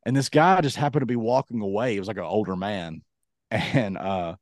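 Kentucky man, low voice, rambling animated storyteller, dry close recording. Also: moderate pace, no room sound. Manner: rambling, animated storyteller with many restarts and acted-out quotes. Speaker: podcast co-host. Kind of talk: casual storytelling chat.

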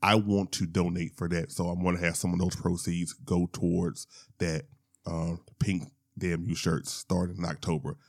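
A man's voice: sits low, level tone, moderate pace. A man hosting a podcast in a casual, playful, slangy chat, joking with his guest. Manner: playful, joking, slangy, puts on mock voices. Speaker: podcast host.

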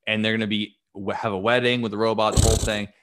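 A man's voice: on the low side, fast, noisy background. A man in his late twenties co-hosting a casual podcast chat, emphatic and profane, often acting out quotes. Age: late 20s. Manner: animated, emphatic, heavy swearing, acts out quotes. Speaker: podcast co-host.

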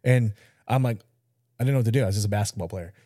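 He's a podcast co-host in his thirties, rattling off a story at rapid-fire speed in a low, warm voice. His talk is loose and casual, full of swearing, and he acts out everyone he quotes. The audio is dry and close to the mic, with no echo.

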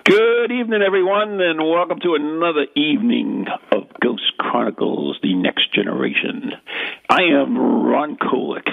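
A man's voice: fairly high pitch, moderate pace, creaky. An older man hosting a radio show in a jokey, rambling, self-mocking chat. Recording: tinny phone-like radio audio.

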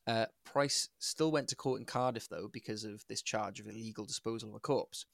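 A man's voice: lowish voice, brisk, vocal fry, a bit bright, no room sound, studio quality. Sweary young man telling a story. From Wales. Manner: sweary, storytelling, laughs often. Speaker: podcast co-host. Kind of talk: casual chat.

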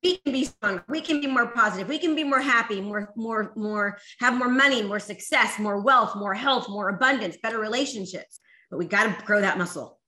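A woman giving an energetic motivational talk to a live audience, repeating phrases and rallying the crowd to join in. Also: a little high, fairly quick. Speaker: motivational speaker. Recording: echoey room.

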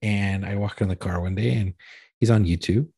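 A man's voice: fairly low pitch, fairly even intonation, moderate pace, vocal fry, breathy edge, dry recording, clean studio sound. A man co-hosting a podcast, telling stories with lots of swearing and acted-out quotes. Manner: profane storyteller, acts out quotes loudly. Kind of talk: casual chat.

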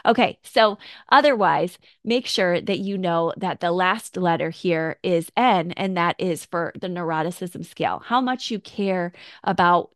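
Speaking in a fairly low, unhurried voice over a clean, echo-free studio recording, a woman hosts a podcast. She reflects casually on personality traits in a teaching tone and acts out quoted thoughts.

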